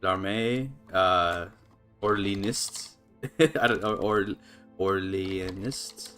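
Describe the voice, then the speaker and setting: A deep-voiced man talks slowly through a strategy game on his live stream, soft music behind him. It's casual, thinking-aloud commentary full of fillers and restarts, punctuated by frequent laughter and sudden upward jumps when excitement hits.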